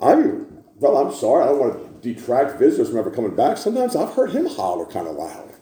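Shouting preacher in an echoey church. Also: male voice, mid-range voice, wildly swooping pitch, fast, a little hiss or hum. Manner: builds to repeated shouting refrains. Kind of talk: sermon.

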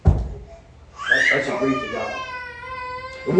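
A man's voice: sits high, huge pitch swings, slow, long pauses, a bit bright. Man preaching in an echoey church. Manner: folksy, rambling preaching with repeated restarts. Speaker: pastor. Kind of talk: sermon. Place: church sanctuary.

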